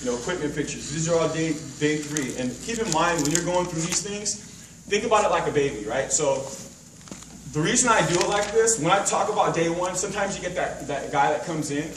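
A man's voice: on the high side, fairly quick, noisy background. A man training a sales team at a meeting, casual and rambling, full of fillers and analogies, recorded from far off in an echoey hotel room.

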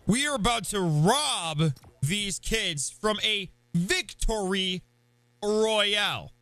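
A young man streams a game live, his high, bright voice bouncing all over as he shouts hellos to viewers. The sound is close and dry. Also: animated, takes it slowly, dry recording. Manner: hyped, playful, shouts greetings to chat.

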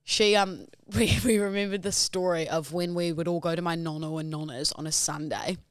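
A woman co-hosting a podcast, telling family stories in a lively, laughing way with lots of "like" and "you know". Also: on the low side, normal speed, no room sound, studio quality. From New Zealand. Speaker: podcast co-host. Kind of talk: casual chat.

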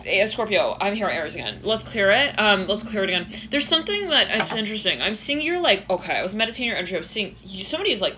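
A woman's voice: mid-range voice, very animated, very fast, few pauses, bright, forceful tone, a little hiss or hum. A woman giving a channeled tarot reading, rambling in a stream-of-consciousness way and acting out the voices she quotes. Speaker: tarot reader.

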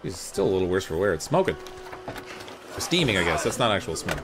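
A man's voice: sits low, very animated, fairly quick. A man casually commenting on his gameplay live, chatty and rambling, poking fun at himself. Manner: chatty, rambling, self-deprecating. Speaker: gaming streamer. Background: loud game music.

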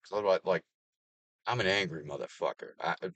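A man in his thirties rants in a low, deep voice. He swears freely and breaks into sarcastic laughs. The sound is close and dry. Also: quick pace, fairly bright tone, no echo. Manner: profane, ranting, sarcastic laughs. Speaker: vlogger. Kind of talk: casual rant to camera.

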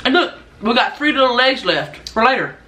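Loud brash lady joking around over food, bright tone, bouncy pitch. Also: big pitch swings, moderate pace, slight background noise. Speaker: guest comedian. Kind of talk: casual mukbang chat while eating.

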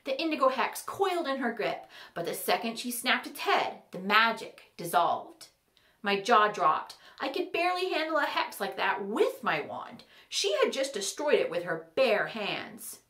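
A woman narrating a fantasy story in an animated, wry manner. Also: on the high side, unhurried, reverberant.

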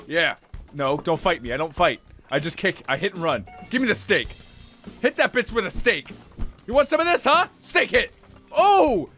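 A young man commentating his own game play, excitable, swearing and yelling at enemies. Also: high-pitched. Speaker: gaming channel host.

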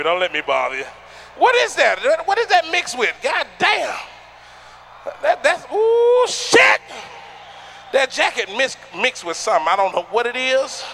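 A man doing a stand-up comedy routine on a theater stage, loud and rowdy, shouting punchlines at the crowd. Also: sits high, slight background noise.

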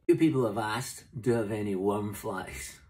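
A man's voice: on the low side, steady tone, moderate pace, dark tone, a little hiss or hum. A middle-aged man with a Scottish accent, chatting casually to camera about flies he ties and sells, in a rambling, jokey way. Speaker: fly tier and seller. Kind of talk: casual vlog talk to camera. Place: camping on the road.

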